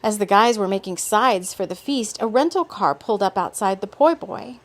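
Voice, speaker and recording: A woman reading her own story aloud in a relaxed way, stopping now and then for unscripted asides. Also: mid-range voice, moderate pace. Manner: relaxed, with off-script asides and laughs.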